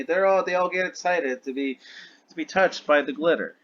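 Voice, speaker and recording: A man's voice: fairly high pitch, normal speed, fairly bright tone, dull audio. A man narrating a tabletop game as game master, rambling and correcting himself as he goes.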